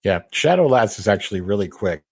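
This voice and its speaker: A man with a lively, swooping voice, chatting enthusiastically as a podcast co-host. He explains comic book trivia eagerly. His voice is dry and close to the mic. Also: fairly low pitch, fairly quick, creaky, slightly rough, no echo. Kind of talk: casual comic-book chat.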